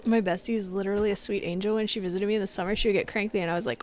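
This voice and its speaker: A woman's voice: mid-range voice, steady tone, very fast, over music. A young woman streaming live, chatting casually with her viewers in a bossy, laughing way and acting out what people say. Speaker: Twitch streamer.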